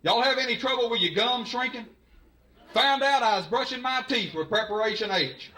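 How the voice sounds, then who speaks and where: A man's voice: very high voice, moderate pace. A man from Alabama with a Southern accent doing a folksy stand-up comedy set, drawling and playful with the crowd at a live show. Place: live show at a college venue. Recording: live stage mic with crowd noise.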